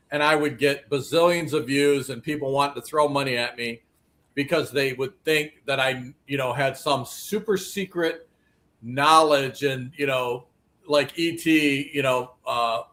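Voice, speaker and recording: A man's voice: mid-range voice, a bit bright. A man speaking as a guest on a panel talk show, blunt and dismissive, sounding irritated.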